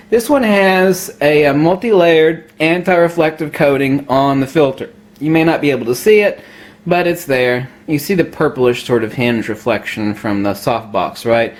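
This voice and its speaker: A man ranting about camera gear to the camera, lecturing emphatically, laughing at his own jokes and putting on a mock Australian accent. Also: a little high. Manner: puts on a mock Australian accent, says mate a lot. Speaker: photography vlogger. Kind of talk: opinionated gear rant to camera.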